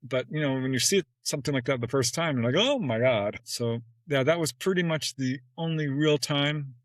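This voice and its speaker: Animated man telling a story, dry sound. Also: moderate pace, dry recording, low-quality recording. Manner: animated, acts out quoted exchanges with jumps in pitch; laughs often between phrases. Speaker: podcast guest. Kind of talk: casual storytelling in an interview.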